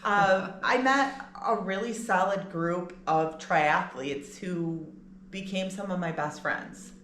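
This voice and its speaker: Woman podcast co-host, bright, animated, echoey room. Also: on the low side, slow. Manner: lively, playful. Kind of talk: casual chat. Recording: roomy with faint ambient noise.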